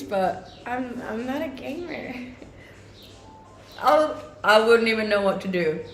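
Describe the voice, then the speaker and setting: A young woman from Scandinavia with a mixed English accent that has a Scandinavian tinge, chatting casually on a live stream and answering viewer comments, upbeat and laughing often. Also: fairly high pitch. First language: a Scandinavian language. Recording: roomy echoing sound.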